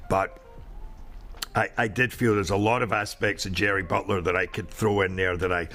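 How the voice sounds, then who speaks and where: A middle-aged man in a casual interview, talking animatedly and restlessly about his work as an actor. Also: on the low side. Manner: animated, restless, jumps into playful quoted voices.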